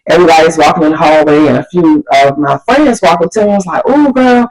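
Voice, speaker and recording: Animated woman telling a story time on her vlog, slangy, does all the voices. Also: deep voice, fast, low-quality recording. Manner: animated, slangy, acts out quotes. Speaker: vlogger. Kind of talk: casual storytelling.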